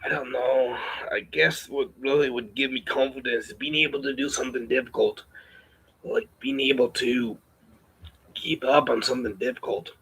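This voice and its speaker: A man's voice: fairly even intonation, moderate pace, vocal fry, fairly bright tone, husky, rough recording. A man putting on a campy spy-spoof voice. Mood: complaining. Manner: pitched-up, strained delivery. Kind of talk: put-on character voice while chatting.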